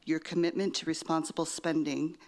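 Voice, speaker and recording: A woman's voice: sits low, level tone, a little fast, a little mellow. A woman giving a public comment at a city council meeting, speaking politely and appreciatively with a few hesitant ums.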